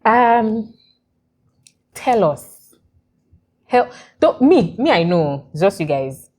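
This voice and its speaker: A woman's voice: medium pitch, sing-song, slow pace, a little mellow. A Nigerian woman hosting a podcast, introducing her guest in a playful, emphatic way and repeating words for emphasis. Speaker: podcast host.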